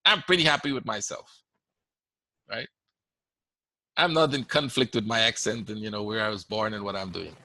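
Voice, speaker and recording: A man with a lowish voice and a Guyanese accent hosts a trading webinar, talking at a moderate pace with long pauses and a sharp tone, with no echo. He answers questions conversationally during the live Q&A, often checking in with "right?".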